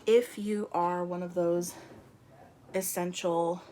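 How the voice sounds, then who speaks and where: A woman's voice: lowish voice, fairly even intonation, takes it slowly, warm tone, slight background noise. A young woman chatting casually to camera from her room at home, rambling and laughing as she talks, a little out of breath. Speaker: vlogger.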